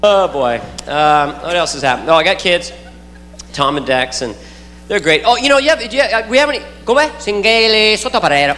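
A man's voice: on the high side, big pitch swings, normal speed, bright, forceful tone. A man doing loose, rambling stand-up comedy, breaking into silly noises and impressions. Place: club or theater with live audience. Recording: roomy live hall, audience noise.

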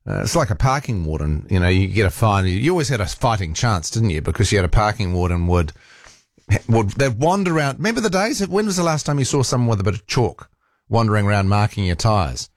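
A male talkback host with a New Zealand accent, speaking in a lowish, relaxed register. He rambles chattily and restarts his sentences often. The sound is dry and close on a studio microphone. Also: a little fast, no echo. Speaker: radio talk show host. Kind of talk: casual talkback chat.

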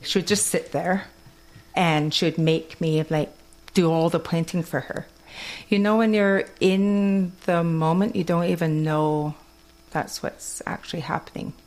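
A woman's voice: fairly low pitch, measured pace. A young woman with a Kwakwala-influenced English accent, chatting casually and laughing often as she tells stories. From Alert Bay, Canada. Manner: laughs often, animated storytelling. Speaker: guest. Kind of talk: casual chat.

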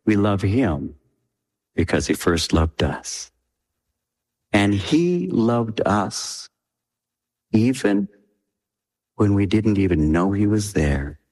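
A man preaching a sermon with impassioned delivery, his pitch swinging high and dropping low. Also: very animated, slow pace, pauses often, darkish tone. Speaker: pastor. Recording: long hall reverb.

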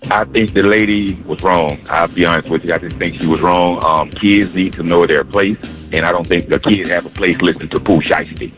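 A male caller with a very deep voice talks quickly. He states his view firmly and plainly. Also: steady tone, fairly bright tone, soft background music. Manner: firm, plainspoken. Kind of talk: phone-in comment.

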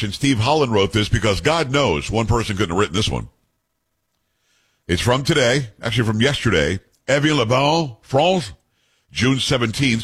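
A man hosting a talk radio show from a studio, reading news out loud and giving blunt opinions on it. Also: medium pitch, husky. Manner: blunt, reads news aloud and editorializes.

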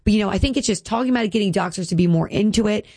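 A woman's voice: medium pitch, rapid-fire, dark tone, breathy edge, no room sound. A woman in her thirties, a guest speaking earnestly and emotionally about her health, with many "like" fillers. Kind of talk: candid personal interview.

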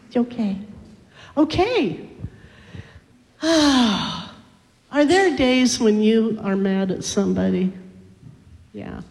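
A pastor reading scripture, then gently coaxing children with many tag questions during a children's sermon in a church. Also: mid-range voice, creaky. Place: church sanctuary. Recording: long church reverb.

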